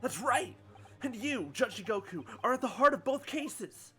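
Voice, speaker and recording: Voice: mid-range voice, sing-song, moderate pace, a bit bright. A streamer voicing an earnest young male defense lawyer, with emphatic, indignant outbursts, while reading a game's dialogue. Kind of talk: voicing game characters on a livestream.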